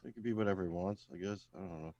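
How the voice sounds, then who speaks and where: A man doing a deadpan stand-up set over a video call from home, trailing off into quiet, self-deprecating mumbles. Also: deep voice, very fast, no room sound, highs cut off. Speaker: stand-up comedian at open mic.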